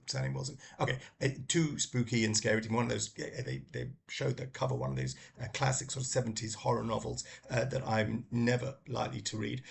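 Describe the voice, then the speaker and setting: A man's voice: medium pitch, vocal fry, slight background noise. A middle-aged man casually recommending books, talking in a rambling way with many ums and restarts. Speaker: book vlogger.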